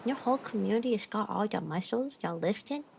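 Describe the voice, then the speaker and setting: A woman's voice: medium pitch, expressive, fairly quick, creaky, a little mellow, a little hiss or hum, poor audio. A woman streamer chatting casually and bubbly with her live chat, greeting viewers and giggling often.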